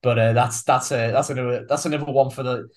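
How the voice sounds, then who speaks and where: A Welsh man co-hosts a chatty podcast, rambling and mocking himself, breaking into laughter between half-finished phrases. His voice sits at an ordinary middle pitch for a man. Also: steady tone, fast. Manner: self-deprecating, giggly, rambling. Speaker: podcast co-host. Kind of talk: casual podcast chat.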